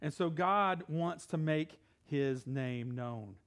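A middle-aged man preaching in a loose, conversational way, breaking off a scripture reading to joke with the congregation. His voice sits notably high for a man. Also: slow, fairly bright tone. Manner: casual, conversational preaching with asides and Bible reading. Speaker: pastor. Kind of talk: sermon.

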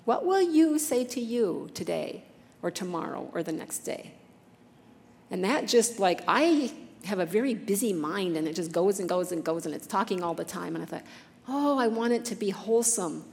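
A woman's voice: lowish voice, expressive, moderate pace, creaky, darkish tone, big-room sound. A woman giving an earnest, conversational devotional talk, reading scripture passages with feeling.

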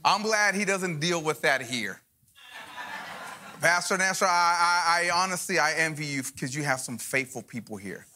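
A middle-aged man preaches a revival sermon in a church. His voice is bright and forceful and sits a little high for a man. He jokes with the crowd and calls out for answers as he preaches. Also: expressive, moderate pace. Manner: joking, call-and-response preaching. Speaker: guest pastor. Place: church service before a congregation.

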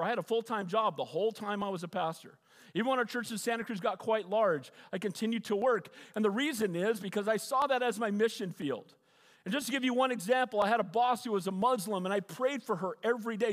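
A man's voice: sits high, big-room sound. A middle-aged man, a pastor, preaching a sermon and often asking the congregation for an amen.

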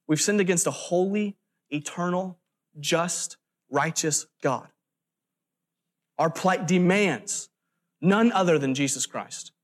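A man's voice: high voice, slow, long pauses. A man preaching a sermon in an earnest, emphatic way, stressing lists of words and breaking off for brief asides. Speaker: pastor.

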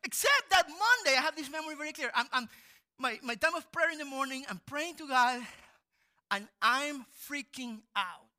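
A man, a pastor, preaching a sermon as animated storytelling, often jumping into loud acted quotes. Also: very high voice, moderate pace.

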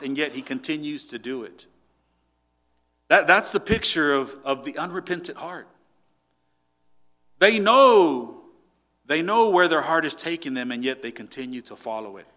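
A male pastor preaching with a bright, forceful tone and a fairly high voice. He drives points home emphatically, then drops to quiet, low asides. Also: expressive, unhurried. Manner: emphatic, swings from loud to quiet. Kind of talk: sermon.

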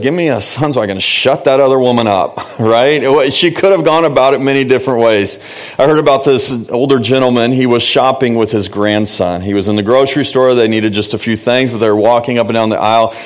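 A middle-aged pastor with a mid-range voice preaches a sermon earnestly and conversationally, asking the congregation questions.

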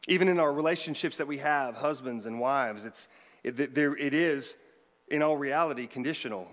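A man's voice: mid-range voice, normal speed, fairly bright tone. A man, a pastor, delivering a conversational sermon with joking asides to the congregation. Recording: long hall reverb.

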